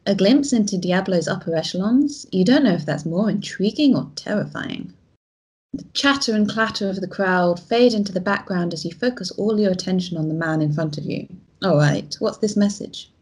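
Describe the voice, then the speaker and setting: Husky woman narrating a text game. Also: medium pitch, darkish tone. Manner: dramatic, measured narration. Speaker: host. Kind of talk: reading a text game aloud.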